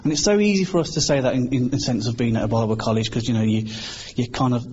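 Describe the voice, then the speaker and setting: A man's voice: mid-range voice, fast talker, darkish tone. Earnest British man preaching. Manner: earnest, conversational, acts out quoted voices. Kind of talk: informal sermon. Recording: slightly dull, faint background hiss.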